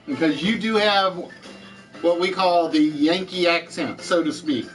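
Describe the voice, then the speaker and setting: A man's voice: on the high side, unhurried, a bit bright, faint music behind, poor audio. A man with a Southern US accent hosting a live-streamed trivia game show, chatting with viewers and answering their comments as he goes.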